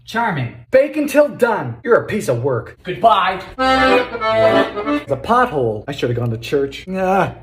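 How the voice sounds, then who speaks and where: Campy sarcastic man, very lively pitch. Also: slow, roomy sound, loud music behind the voice. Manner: campy, theatrical, sarcastic one-liners with sudden loud exclamations. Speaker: home baker. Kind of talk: comedic vintage-recipe cooking narration.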